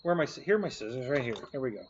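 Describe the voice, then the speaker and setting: A man's voice: mid-range voice, lively intonation, racing, a little hiss or hum. A man hosting a casual live stream, answering chat with jokes and frequent laughter. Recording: dull lo-fi stream audio.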